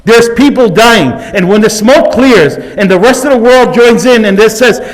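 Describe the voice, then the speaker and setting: A man's voice: high-pitched, big-room sound, poor audio. A man speaking at a council meeting, delivering an impassioned public comment in an accusatory way. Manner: starts quiet and measured, then shouting and accusatory. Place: council chamber.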